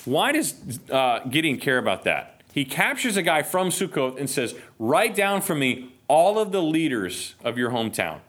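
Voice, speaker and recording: A man leads a Bible study in a relaxed, chatty manner, slipping in jokes and frequent check-ins. His voice sits a little high for a man and swings up and down with lively energy. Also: normal speed, hardly any pauses. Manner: lively, jokey, checks in with "okay?". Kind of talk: casual teaching.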